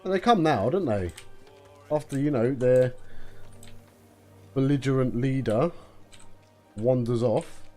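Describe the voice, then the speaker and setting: A man's voice: medium pitch, animated, slow pace, long pauses, dark tone, faint music behind. A man commenting on a game, chatty and muttering to himself. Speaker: gaming video host. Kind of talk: let's play commentary.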